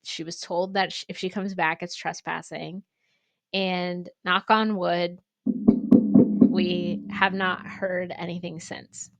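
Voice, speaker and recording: Brief: woman co-host, casual animated storyteller with a blunt, profane streak; dry room. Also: on the low side, slow pace, dry recording, soft background music. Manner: animated, swears freely. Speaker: pottery studio co-owner and podcast host.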